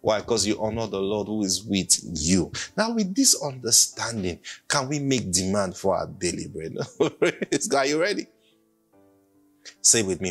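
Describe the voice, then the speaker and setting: A man's voice: on the low side, big pitch swings, unhurried, slightly rough. A man preaching an emphatic sermon and leading the congregation in call-and-response. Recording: faint music behind.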